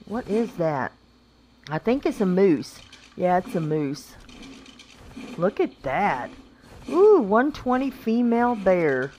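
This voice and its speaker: A woman's voice: mid-range voice, very animated, slow, dark tone, a little hiss or hum. A woman giving casual, chatty gameplay commentary, talking to the creatures on screen and laughing often. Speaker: gaming channel host.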